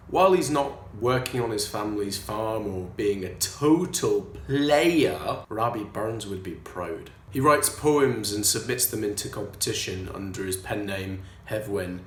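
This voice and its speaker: A man reviewing a film in a put-on Welsh accent, speaking in a jokey, conversational way. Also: fairly low pitch. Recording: echoey room with loud music.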